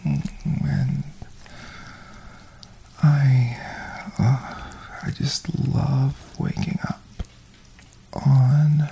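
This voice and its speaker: A man in a whispered role-play, murmuring intimately to the listener with soft moans between phrases, as an audio performer. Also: medium pitch, level tone, very slow, gravelly, long pauses, a little hiss or hum, low-quality recording.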